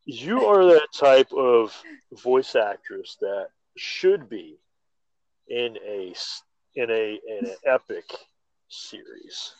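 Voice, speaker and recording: A man hosting a casual chat, excitable and full of stammered restarts. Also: mid-range voice, takes it slowly, dry recording. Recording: slightly dull lo-fi audio.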